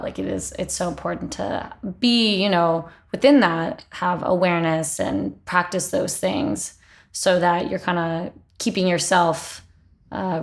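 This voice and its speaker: Gravelly-voiced woman host, affirming. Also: fairly low pitch. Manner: affirming and thoughtful, many fillers. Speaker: podcast host. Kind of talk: interview conversation.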